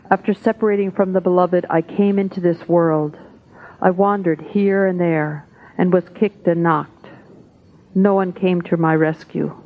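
A woman reading devotional texts aloud at a spiritual gathering, in a measured, solemn way. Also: fairly low pitch. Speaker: satsang reader. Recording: tinny phone-like audio.

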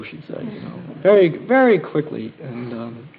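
Gravelly man on an old tape. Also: medium pitch, very animated. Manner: halting, many fillers and restarts, gentle and reflective. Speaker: group member sharing trip experiences. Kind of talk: casual spoken testimony at a gathering. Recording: dull lo-fi tape with faint hiss.

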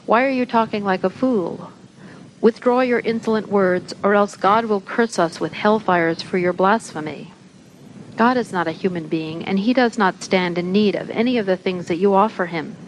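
A stern male prophet rebuking a boy, read by a woman, his words delivered a little softer and lower than the narration. Her pitch sits around the middle. Faint hiss lies behind the voice. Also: normal speed, lightly acted, low-quality recording. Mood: scolding.

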